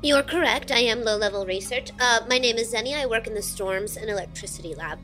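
A woman's voice: a little high, fairly quick, a bit bright, soft background music. Hesitant woman player in character. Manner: polite, slightly hesitant. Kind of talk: in-character role-play.

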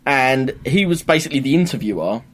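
A man's voice: medium pitch, a little fast. A man co-hosting a podcast, chatting casually and acting out sketch voices as he tells stories. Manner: animated, acts out sketch voices. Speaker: podcast co-host. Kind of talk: casual chat.

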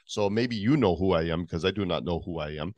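A man's voice: a little fast, darkish tone, dry recording, close to an everyday voice. A man doing an exaggerated put-on accent voice as a comedy bit on a podcast. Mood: mock newsy. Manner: high, exaggerated, ranting. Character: man's comic put-on foreign accent voice.

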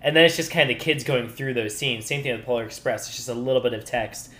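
A man co-hosting a podcast in casual book-club chat, talking in rapid bursts that break off and restart. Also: medium pitch, a bit bright. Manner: rapid, self-interrupting talk. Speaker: podcast co-host.

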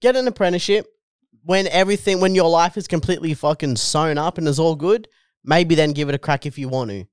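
A man's voice: on the high side, brisk, clean tone, no echo, studio quality. An Australian man co-hosting a comedy podcast, swearing a lot and saying "dude" constantly as he laughs easily. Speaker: podcast co-host, stand-up comedian. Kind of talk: casual chat.

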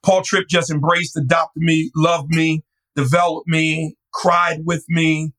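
A middle-aged male pastor recounting his story in an interview, animated and quick to act out voices. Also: on the high side, low-quality recording. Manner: animated, laughing, acts out voices.

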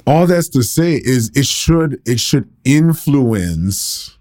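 A man's voice: mid-range voice, lively intonation, slow pace, a little mellow. A man in his thirties, a pastor, teaching the Bible in a casual, conversational way, laughing often and poking fun at himself.

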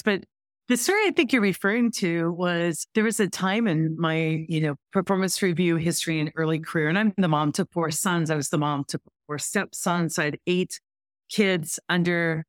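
A middle-aged woman, a podcast guest, telling a story in an animated way and acting out both sides of a conversation. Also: fairly low pitch, moderate pace, dry recording, clean studio sound. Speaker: podcast guest, workplace author and speaker. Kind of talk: storytelling interview chat.

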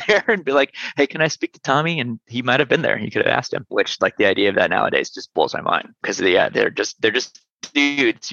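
A man with a gravelly, somewhat low voice talks about his work in a loose, easygoing way, scattering fillers and curse words through his talk. His tone has a bright edge. The recording sounds dry and a little muffled. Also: no room sound. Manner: loose and profane, many fillers. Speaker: sour beer brewery owner, guest. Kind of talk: casual interview chat.

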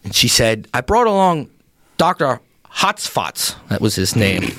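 Here a man tells a comedic character story for a podcast, playing a talkative Pennsylvania Dutch lodge secretary with a folksy accent. His mid-range voice keeps a measured pace over slight background noise. The tale rambles along in an amused, folksy mood, and he animatedly voices each person in it.

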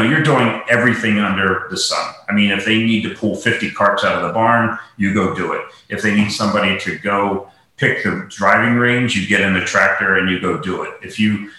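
A man's voice: lowish voice, sharp tone. A man from Lancaster, Pennsylvania, a golf professional telling a long casual story, rambling with lots of fillers. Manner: rambling, many "you know" fillers. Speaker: podcast guest, golf professional. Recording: very echoey room.

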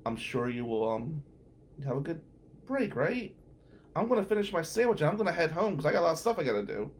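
A man's voice: mid-range voice, a little hiss or hum. A middle-aged man hosting a radio show, telling a story casually, chatty and full of fillers.

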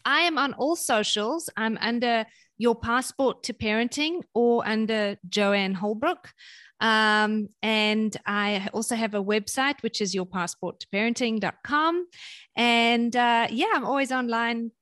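Woman, from South Africa, fairly high voice, podcast guest, animated storyteller, repeats words. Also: unhurried. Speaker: parenting guest. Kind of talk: casual podcast conversation.

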